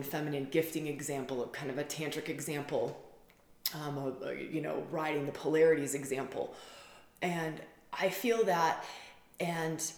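A woman with a slightly low voice talks in a loose, rambling monologue, piling up repeated words for emphasis. The sound is roomy and echoey. She sounds intimate, as though she is speaking to a small group of students. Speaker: spiritual facilitator. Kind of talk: casual monologue.

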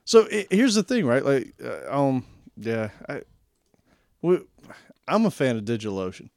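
A man's voice: medium pitch, very animated, a little slow, gravelly, darkish tone, dry recording, studio quality. A man co-hosting a casual tech podcast, easygoing and rambling. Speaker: podcast co-host.

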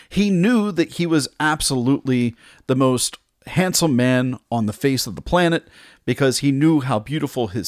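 A man's voice: medium pitch, no echo, studio quality. A man retelling an old myth in a casual, conversational way, with small asides and restarts. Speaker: storyteller.

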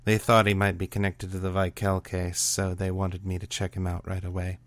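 Man reading sultry woman examiner, teasing, slow, low voice, dry sound. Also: completely flat delivery, no room sound. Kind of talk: audiobook reading of a serial story.

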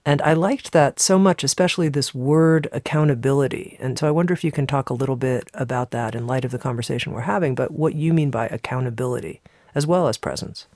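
A woman's voice: a bass voice, fast, darkish tone, no echo, clean studio sound. A woman podcast host interviewing a guest in an affirming, engaged way.

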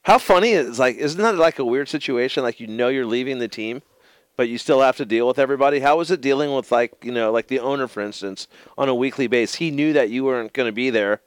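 A man's voice: mid-range voice, fast talker, clean tone, no echo. A man co-hosting a casual chat show, brash and needling, swearing freely in teasing banter. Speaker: co-host.

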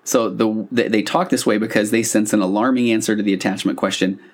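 A man's voice: fairly low pitch, fairly even intonation, brisk. A man who works as a couples therapist, explaining a therapy concept to listeners in a loose conversational way, with fillers and restarts.

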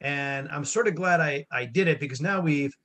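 A man's voice: a little high, normal speed, fairly bright tone. A man co-hosting a casual chat, telling a wry, exaggerated story about family life. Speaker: podcast co-host, dad.

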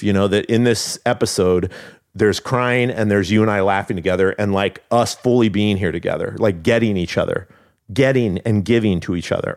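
A man speaks earnestly as a podcast guest, reflective and often laughing. His voice sits on the lower side and the delivery is casual. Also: a little mellow. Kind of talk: casual conversation.

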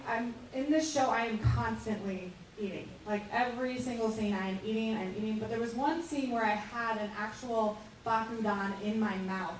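A female voice actor telling a giggly, lively anecdote on a convention panel. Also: fairly high pitch, slight background noise. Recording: very echoey hall, distant mic.

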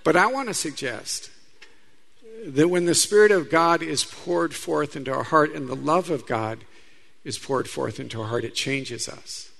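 A priest preaches to a gathering of women in a chatty, storytelling way and turns to the audience often. His voice sits a little high for a man and has a gravelly, creaky edge. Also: unhurried, fairly bright tone. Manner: conversational preaching with stories and asides to the audience. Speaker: Catholic priest. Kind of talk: sermon.

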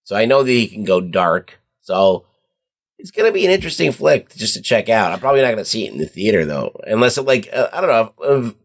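Male co-host, lowish voice with lively swings, relaxed and casual. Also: fast, vocal fry. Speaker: podcast co-host. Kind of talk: casual chat.

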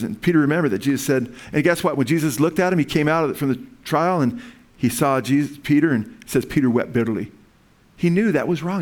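A middle-aged man preaching a sermon, talking to listeners in an earnest, conversational way and rising in pitch when he quotes scripture.

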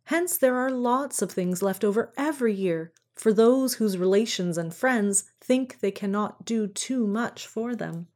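A woman's voice: medium pitch, measured pace, few pauses, lightly acted. Santa Claus, old and kindly, as a woman reads him. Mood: earnest. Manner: warm, confiding, fond of toys.

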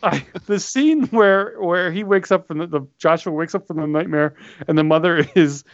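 A man with a notably high voice chatting casually about a film. He often restarts his sentences and politely yields the floor. The sound is muffled and dry. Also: normal speed, dry recording. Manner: polite, trails off and restarts, laughs along.

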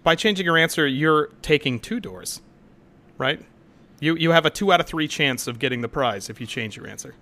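Bright-voiced sarcastic man. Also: on the high side, animated, moderate pace. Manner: sarcastic, joking. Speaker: podcast co-host. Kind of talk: casual banter.

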